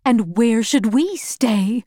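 A woman reading aloud, voicing a steady, protective mother with a calm, reassuring manner. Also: a little high, takes it slowly, no room sound, studio quality.

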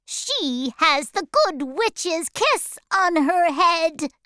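Woman voicing a squeaky flying monkey, high and lively, close dry sound, storybook. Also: extremely slow, no echo, exaggerated voice. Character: shrill chattering flying monkey.

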